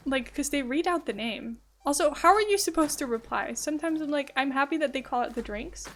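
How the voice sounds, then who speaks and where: A woman's voice: high-pitched, fairly quick, a bit bright. A young American woman streamer in casual chat, telling stories, laughing and quoting people as she goes.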